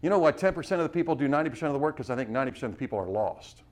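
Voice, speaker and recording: A man preaching to a missionary class, urging his listeners with rapid rhetorical questions and frequent restarts. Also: mid-range voice, expressive. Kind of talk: sermon-style teaching.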